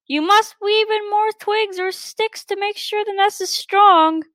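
A woman's voice: extremely high pitch, steady tone, unhurried, a bit bright, no echo, voice pushed up. A woman voicing a clever, fussy female magpie who teaches other birds, explaining step by step in a storybook reading. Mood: instructive. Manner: patient but strained, explaining step by step.

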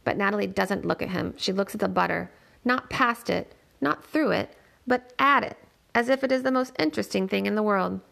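A woman narrating a first-person audiobook in a measured, plain storytelling manner. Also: mid-range voice, gravelly, fairly bright tone.

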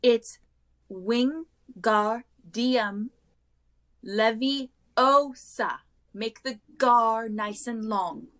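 A woman voicing a bossy know-it-all schoolgirl who corrects others in a slow, over-precise way for a storybook read-aloud. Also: on the high side, fairly bright tone, voice pushed up.

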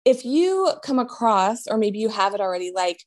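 A woman giving a spiritual medium reading in a gentle, reassuring way, often trailing off and restarting her sentences. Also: medium pitch, big pitch swings, moderate pace.

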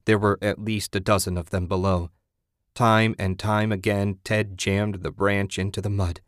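A man reading a horror story aloud in a steady, grim voice. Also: fairly low pitch, normal speed, dry recording, clean studio sound.

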